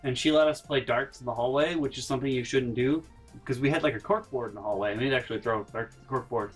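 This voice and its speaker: A young man vlogging college dorm stories in an animated way, acting out voices and sound effects and swearing casually. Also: mid-range voice, quick pace, breathy edge, faint music behind. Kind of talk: casual storytelling vlog.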